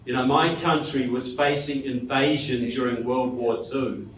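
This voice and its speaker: A man's voice: medium pitch, steady tone, a little slow, a bit bright, slight background noise. New Zealand man speaking in an echoey hall. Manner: jokey, rhetorical, asks the crowd questions. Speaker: guest speaker. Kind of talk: public speech to a live audience. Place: hall with audience. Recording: roomy hall from a distant mic.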